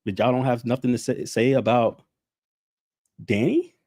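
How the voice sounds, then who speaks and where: A man's voice: medium pitch, normal speed, a little mellow, dry recording, clean studio sound. A man hosting a casual livestream, venting in a heated, sarcastic, profane way, often laughing between remarks. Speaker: channel host.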